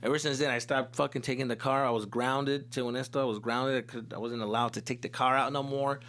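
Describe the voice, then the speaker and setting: Slangy comedian from Arizona, telling a story. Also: male voice, mid-range voice, steady tone, fairly quick, fairly bright tone. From Tucson, Arizona. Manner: casual, swearing, slangy, peppered with Spanish. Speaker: comedian host. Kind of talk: comic storytelling.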